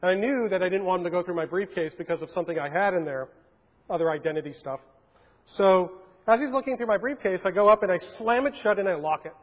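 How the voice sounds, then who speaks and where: A man's voice: sits high, fast talker. A man giving a keynote talk, telling a story and acting out the dialogue in a large conference hall. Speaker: keynote speaker.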